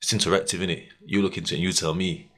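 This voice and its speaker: Rapid-fire and low-voiced, a young podcast host relates a story in slangy, lively conversation. He laughs a lot and performs the lines people said.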